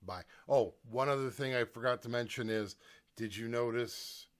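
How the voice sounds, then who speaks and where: A man's voice: mid-range voice, normal speed. A man talking casually in a home recording vlog, thinking aloud as he demonstrates his gear at his desk.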